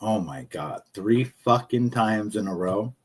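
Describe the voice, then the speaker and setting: A man's voice: on the low side, animated, measured pace, breathy edge. A man rambling through casual live-stream commentary, jokey and profane, telling stories.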